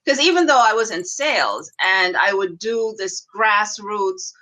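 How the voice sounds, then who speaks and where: A woman's voice: mid-range voice, expressive, measured pace, sharp tone, rough recording. A woman guest in a casual online chat, talking with enthusiasm and laughing often.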